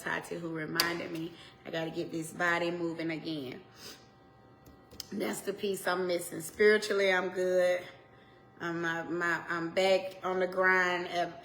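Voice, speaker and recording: A woman in her forties, a minister, preaching a motivational message to her viewers, emphatic and repetitive, swinging between loud urging and soft asides. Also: on the low side, vocal fry. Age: 40s.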